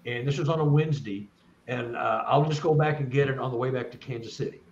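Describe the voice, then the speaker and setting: A man's voice: medium pitch, fast talker, echoey room, lo-fi sound, a little hiss or hum. A man, a guest speaker, telling a long first-person story in an earnest, rambling way with many restarts.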